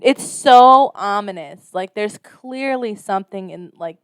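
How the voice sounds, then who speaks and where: A woman's voice: mid-range voice, measured pace, clean tone, no echo. A young woman from Illinois, co-hosting a podcast in casual, rambling chat, laughing and swearing often. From Illinois, United States. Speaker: podcast co-host.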